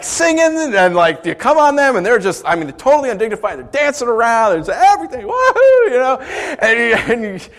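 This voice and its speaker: A man preaching a sermon, conversational and animated, with playful asides to the congregation. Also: high voice. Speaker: pastor.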